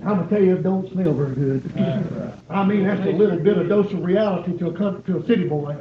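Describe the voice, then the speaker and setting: A man's voice: high-pitched, a little fast, a crowd in the background. A man preaching a sermon, pleading and repeating his points with rising emphasis. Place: church. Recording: echoey, dull church recording.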